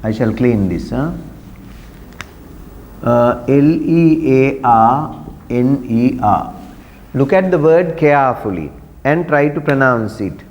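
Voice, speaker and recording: A man's voice: mid-range voice, lively intonation, long reverb tail, highs cut off. A man teaching an English pronunciation lesson, repeating words and quizzing students in a classroom. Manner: drills words slowly, repeating them, asking students questions.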